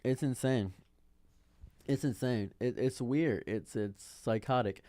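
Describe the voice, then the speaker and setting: Thirties male streamer, rambling and baffled commentary, mid-pitched, dry close mic. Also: takes it slowly, warm tone, dry recording. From Detroit. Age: 30s. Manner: rambling, repeats himself, baffled and exasperated. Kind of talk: casual commentary monologue.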